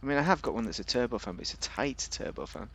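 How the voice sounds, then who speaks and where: A man's voice: mid-range voice, animated, quick pace, creaky, fairly bright tone, breathy edge. Chatty man reviewing a game car. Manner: chatty, rambling, jokey. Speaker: game video host.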